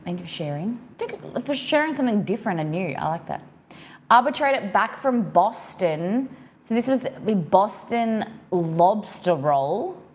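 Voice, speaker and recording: A woman's voice: mid-range voice, very animated, moderate pace. A woman with an Australian accent hosting a cooking live-stream, chatting with viewers and reading their comments aloud as she reacts.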